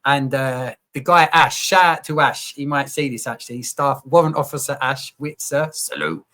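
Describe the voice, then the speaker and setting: A man telling his story in a candid conversation, open and animated, full of slang and the odd swear. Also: mid-range voice, moderate pace. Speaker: podcast guest, coach.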